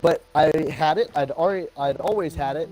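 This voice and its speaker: This man from the American South has a fairly high voice for a man. He talks while gaming on a live stream, swearing freely and snapping at teammates when play goes wrong. He often gets tongue-tied, stops and starts again. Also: fairly quick, mellow, soft background music, poor audio. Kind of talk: casual chat while gaming.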